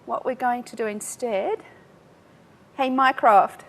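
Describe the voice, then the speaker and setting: A woman giving a live software demo at a tech talk, chatty and self-mocking, laughing often. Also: a little high, steady tone, takes it slowly, gravelly. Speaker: tech speaker.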